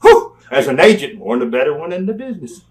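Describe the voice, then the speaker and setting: An older man, telling animated, folksy stories as an interview guest and laughing along the way. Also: a little high, fast. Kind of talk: storytelling in a sit-down interview.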